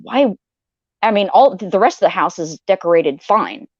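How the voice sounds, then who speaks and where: A woman's voice: lowish voice, lively intonation, brisk, dry recording. Casual woman host, rambling storyteller, swears a lot, dull lo-fi sound, dry room. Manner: rambling, profane, restarts often, acts out quotes. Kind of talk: casual chat, telling a dream story.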